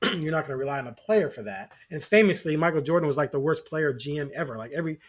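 A man co-hosting a sports podcast, talking in a casual, opinionated and animated way, going off on tangents. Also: fairly high pitch, fast. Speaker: podcast co-host.

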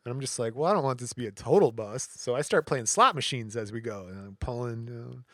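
A man's voice: mid-range voice, quick pace, no echo, clean studio sound. A man co-hosting a podcast, telling a long anecdote in casual chat and acting out the voices of the people in it. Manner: animated anecdote teller, acts out quotes. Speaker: podcast co-host.

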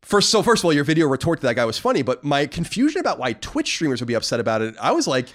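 A male podcast co-host in loose, casual conversation. He talks at a rapid clip, and his pitch rises and falls animatedly as he works up to his points. His delivery is emphatic and rambling, full of quick restarts. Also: sing-song, fairly bright tone.

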